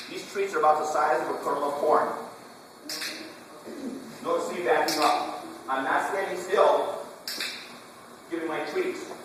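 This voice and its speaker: Echoey distant man coaching a puppy class. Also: fairly high pitch. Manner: drill-like, quizzing the class, repeating commands. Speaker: dog trainer. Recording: echoey hall, distant camera, room noise.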